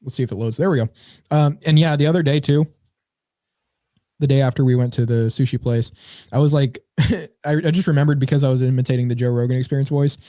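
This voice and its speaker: A man's voice: mid-range voice, fast talker, dark tone, no echo, clean studio sound. A young man co-hosting a comedy podcast, joking and irreverent in casual chat. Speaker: podcast co-host.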